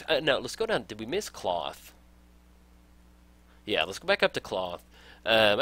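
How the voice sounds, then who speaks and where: A man's voice: lowish voice, bright, forceful tone. A young man casually talking through a strategy game as a let's play host, upbeat and enthusiastic, laughing often. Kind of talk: casual game tutorial commentary.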